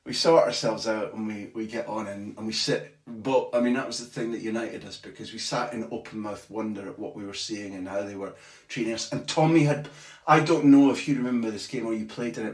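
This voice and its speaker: A man who is a football journalist guest, telling a long anecdote in a lively way with casual swearing. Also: fairly low pitch. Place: tiny bathroom. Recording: echoey small bathroom.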